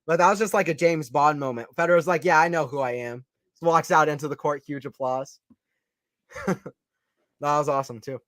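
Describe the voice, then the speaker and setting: A man giving casual live play-by-play tennis commentary for a stream, chatty and excitable, often repeating himself and answering viewers. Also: a little high, normal speed, pauses often, no echo. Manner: excited, chatty, repeats phrases, reads out chat.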